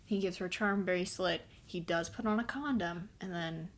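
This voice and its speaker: A woman's voice: fairly low pitch, moderate pace, slight background noise. Sarcastic woman recapping a book. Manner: sarcastic, incredulous retelling with fillers. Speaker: book reviewer. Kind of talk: casual book review vlog.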